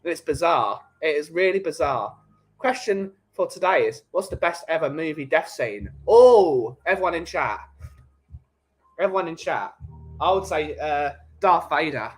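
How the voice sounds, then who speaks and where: A man with a London English accent, hosting a relaxed coffee chat stream and bantering jokily with his live chat. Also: on the high side, a little slow, slightly rough, rough recording. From England. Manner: jokey, rambling banter.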